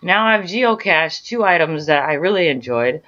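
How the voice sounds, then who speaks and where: A woman's voice: low-pitched, expressive, normal speed, a bit bright, highs cut off. A young adult woman vlogging, rambling through a story of her day with many fillers and restarts. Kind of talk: casual storytelling monologue.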